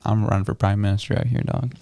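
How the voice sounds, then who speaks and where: A man's voice: fairly low pitch, steady tone, fast talker, gravelly, dark tone, no echo. A man co-hosting a casual political podcast, joking and sarcastic with loose slang. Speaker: podcast co-host.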